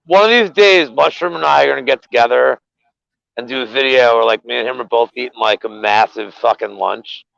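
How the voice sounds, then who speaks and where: A man co-hosting a betting show, rambling in casual, profane sports chat with animated rants. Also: medium pitch, a little fast, creaky, dry recording. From Philadelphia area. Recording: dull, lo-fi, dry sound.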